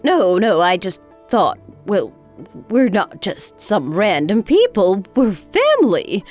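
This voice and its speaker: A woman's voice: mid-range voice, sing-song, takes it slowly, a little mellow, soft background music, pitched below the performer's own voice. A woman voicing an indignant older mother-in-law. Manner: stammering, defensive, exasperated. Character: indignant older mother-in-law, proud, quick to take offense.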